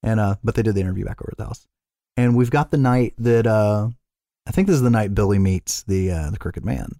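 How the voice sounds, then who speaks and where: A man's voice: on the low side, a little fast, dark tone, dry recording, clean studio sound. Laid-back man recapping a film. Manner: swears freely, rambling retelling with fillers. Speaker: podcast co-host. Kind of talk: casual chat recapping a film.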